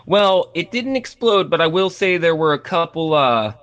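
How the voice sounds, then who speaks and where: A man's voice: a little high, lively intonation, moderate pace, fairly bright tone. A man chatting casually on a gaming podcast, rambling with lots of fillers and restarts. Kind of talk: casual podcast chat about games. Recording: slightly dull lo-fi audio.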